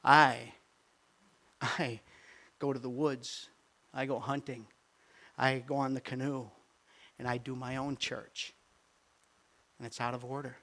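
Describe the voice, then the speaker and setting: An older man, a grandfather, preaching a sermon with animated swings from quiet asides to near-shouted peaks. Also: mid-range voice, slow pace, pauses often. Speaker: pastor.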